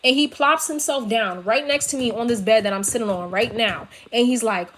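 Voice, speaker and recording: A woman's voice: on the high side, moderate pace, few pauses, fairly bright tone. Heated young woman with a New York accent. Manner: heated, profane, emphatic storytelling. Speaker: vlogger telling a story. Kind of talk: storytime rant to camera. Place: her bedroom, seated on bed. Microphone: laptop built-in mic.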